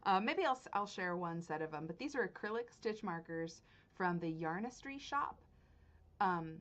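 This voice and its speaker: Speaking at normal speed in a fairly low voice, this knitting podcast host gushes excitedly through a casual unboxing chat with her viewers. She laughs often and her volume swings from whispery to loud.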